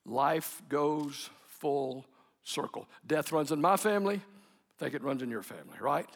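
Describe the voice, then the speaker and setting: A man's voice: a little high, lively intonation, unhurried, gravelly, in a large hall. A man preaching a sermon in a folksy, joking way, often laughing and acting out quotes. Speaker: pastor.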